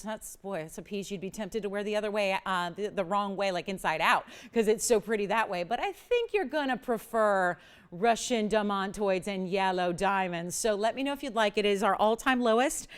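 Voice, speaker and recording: Woman, shopping channel host, live jewelry sales pitch, smooth clear voice, enthusiastic, emphatic.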